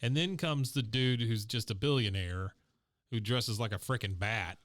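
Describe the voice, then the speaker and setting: A man's voice: mid-range voice, moderate pace, fairly bright tone. A man co-hosting a casual podcast, reacting with mocking disbelief. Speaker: podcast co-host. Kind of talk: casual chat.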